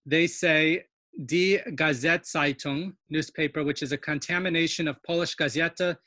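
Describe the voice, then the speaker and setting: A woman's voice: deep voice, steady tone, normal speed, fairly bright tone, no echo. Nerdy woman lecturing over a video call. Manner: enthusiastic, self-described nerd, explains with many fillers. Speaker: Yiddish dialect instructor. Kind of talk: online webinar lecture.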